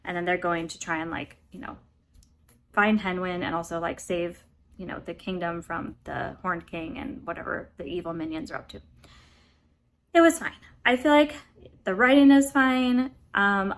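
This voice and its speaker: An American woman giving a casual, rambling book review, chatty and often apologetic. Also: on the low side. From United States.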